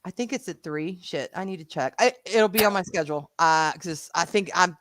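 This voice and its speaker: A woman with a Southern US accent co-hosting a live show in casual, animated chat, swearing freely. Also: lowish voice, fairly quick, no echo.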